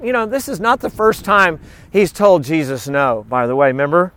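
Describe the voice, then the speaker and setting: High-voiced, lively middle-aged male preacher. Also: measured pace. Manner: animated preaching with joking asides. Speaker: pastor. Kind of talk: sermon with scripture reading.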